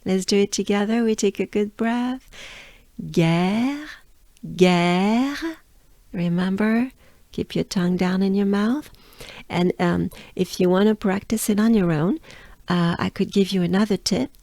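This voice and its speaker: A woman's voice: mid-range voice, fairly even intonation, dark tone, no room sound. A woman from France with a French accent, giving a patient pronunciation lesson and repeating sounds for the listener to copy. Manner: patient, repeats sounds slowly, coaches breathing. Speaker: pronunciation teacher.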